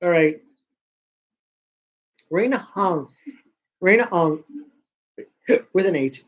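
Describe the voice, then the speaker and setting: A man's voice: sits high, animated, drawn-out words, pauses often. A man hosting a casual talk show, ranting and rambling with lots of swearing. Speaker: podcast host. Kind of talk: casual rant. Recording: dull lo-fi sound.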